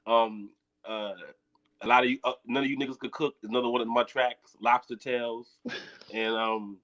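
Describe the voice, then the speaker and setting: A man's voice: medium pitch, flat delivery, normal speed, a bit bright. A man, a comedian, telling a story in casual chat, laughing as he goes and quoting people in their voices. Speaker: guest comedian. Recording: dull lo-fi audio.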